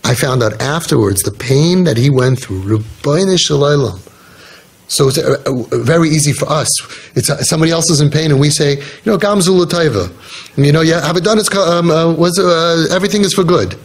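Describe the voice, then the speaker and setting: Husky earnest man advising parents. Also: fairly high pitch, a little fast. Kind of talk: heartfelt talk to parents.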